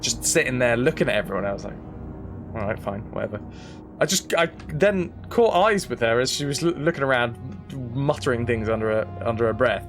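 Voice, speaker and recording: A young man streaming a game, telling stories and chatting with his viewers in a lively, casual way. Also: mid-range voice, brisk, soft background music. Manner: animated, chatty storytelling to viewers. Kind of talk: casual chat while playing a game.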